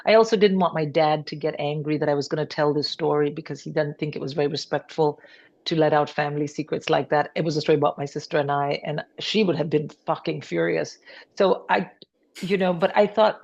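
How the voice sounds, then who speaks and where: Low-voiced woman comedian, animated storytelling. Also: a little fast, dull audio. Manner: animated, acts out family members' voices, swears casually. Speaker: comedian guest. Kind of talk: podcast interview storytelling.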